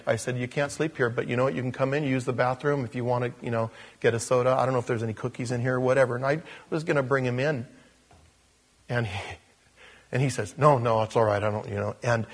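A man, a pastor, telling a story during a casual, animated sermon in a church. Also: mid-range voice.

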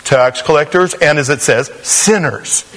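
A man preaching a sermon, telling personal stories and acting out quoted voices with animated swings between a high and a low voice. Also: a little slow. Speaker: pastor.

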